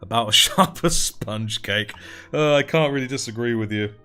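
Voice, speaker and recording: A man hosts a casual livestream while painting miniatures, chatting, reading out and thanking his chat, and laughing often. His mid-range voice is bright, forceful, clear, and resonant at a moderate pace. Faint music plays behind him.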